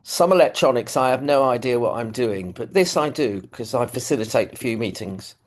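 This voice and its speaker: A man's voice: medium pitch, animated, brisk. A man with a London accent, speaking from his living room on a video call, telling his recovery story in a casual, self-deprecating way with many fillers. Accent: London English. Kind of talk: personal testimony, casual.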